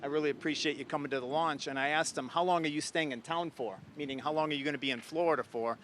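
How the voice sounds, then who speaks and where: A man's voice: on the high side, fast talker, a bit bright, slight background noise. A man in his sixties from Ohio, an astronaut guest telling an anecdote with enthusiasm. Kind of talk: interview storytelling.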